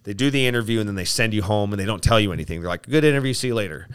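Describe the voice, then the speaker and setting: A man from Spokane telling a profane, animated story in casual chat, often acting out what others said. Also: on the low side, very fast, clean tone. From Spokane, Washington. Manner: animated, profane, lots of "like", acts out quotes. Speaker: guest.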